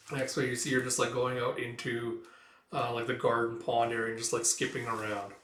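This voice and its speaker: A man's voice: mid-range voice, level tone, fairly quick, a bit bright. A man casually retelling a comic as a reader, rambling with lots of fillers. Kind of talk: casual comic read-through. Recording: roomy echo, mic far off.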